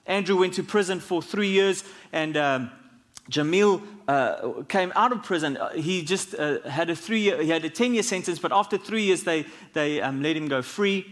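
Male pastor, high tenor, storytelling sermon delivery with halting restarts. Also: a bit bright. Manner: storytelling preacher, drops his voice low for quotes, many restarts.

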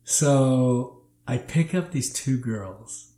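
A man who drives for a rideshare service, telling stories in a casual, animated chat full of "like". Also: mid-range voice, extremely slow. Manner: animated, laughing, leans on "like". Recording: roomy echo.

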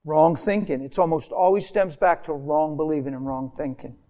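High-voiced impassioned male preacher. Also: moderate pace. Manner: impassioned, swings from loud animated storytelling to hushed intimate tones. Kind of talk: sermon with storytelling.

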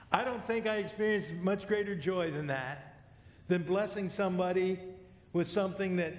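A middle-aged man preaching a sermon as a pastor, conversational, with self-deprecating humor. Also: high voice. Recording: echoey hall.

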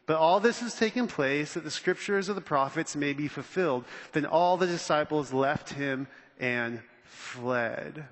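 A pastor preaching in a high, bright voice, animated and conversational. He slips into the quotes he reads and plays them out. His voice rings through a long church-hall reverb. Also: moderate pace. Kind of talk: sermon.

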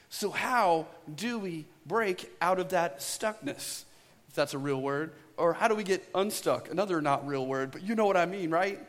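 Male pastor, conversational preacher, higher voice, live church reverb. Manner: conversational storytelling preacher, asks "right?" often. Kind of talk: sermon. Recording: long hall reverb.

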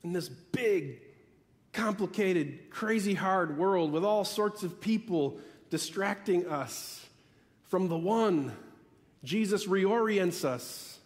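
High-voiced man preaching in a reverberant hall. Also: lively intonation. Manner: emphatic preaching with repeated phrases and dramatic pauses. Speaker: pastor. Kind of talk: sermon.

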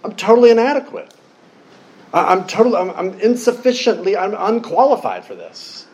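Man putting on a high, whiny voice, panicky self-doubting young guy, stammering comic protest, sermon role-play. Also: sing-song, normal speed, a little mellow.

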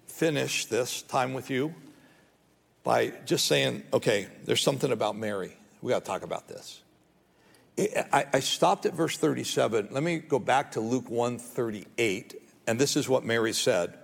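A man's voice: medium pitch, expressive, measured pace, gravelly, long pauses, breathy edge, big-room sound. A man preaching a sermon as pastor, earnest and rising to pleading as he voices prayers. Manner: earnest, rises to pleading when voicing prayers.

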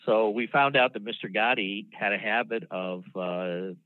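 A man in his sixties, a former prosecutor, recounting a case in a relaxed, anecdotal way with plenty of ums and restarts. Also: on the low side, no room sound. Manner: measured, anecdotal, with frequent fillers and restarts. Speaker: former federal prosecutor, guest. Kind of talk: casual storytelling interview. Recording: dry phone-line sound.

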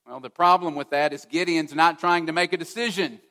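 A man's voice: a little high, steady tone, fairly quick, bright, forceful tone, big-room sound. A man preaching a sermon as a pastor, earnest and often putting direct questions to his listeners.

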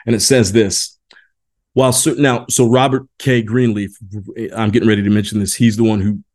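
A man in his forties from Indiana hosts a leadership podcast in a casual, rambling monologue, full of restarts, fillers and a folksy "y'all." His voice is lowish and darkish in tone, with fairly even intonation at a moderate pace.

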